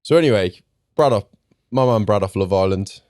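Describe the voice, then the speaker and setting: A man's voice: lowish voice, brisk, no echo, clean studio sound. A young man as a podcast guest in casual chat, telling stories with energy and acting out what people said. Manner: animated storyteller, acts out quotes.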